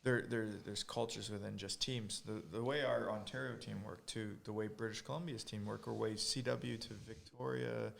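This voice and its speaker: A man's voice: lowish voice, steady tone, moderate pace, vocal fry, few pauses. A man, a rugby coach as guest, explaining in casual chat, often restarting his sentences.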